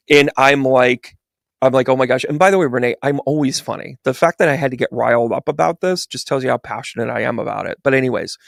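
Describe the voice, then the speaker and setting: A man's voice: mid-range voice, quick pace, vocal fry, no echo, studio quality. A man who works as a medium, chatting through a tarot reading and acting out the voices in his stories. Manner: animated storyteller, acts out quoted voices. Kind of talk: livestream tarot reading and chat.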